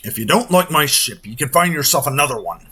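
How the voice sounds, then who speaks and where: A prickly British captain, voiced by a man, curt and quick to take offense about his ship. He speaks in clipped, touchy tones with lively swings in pitch. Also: a little hiss or hum. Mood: offended.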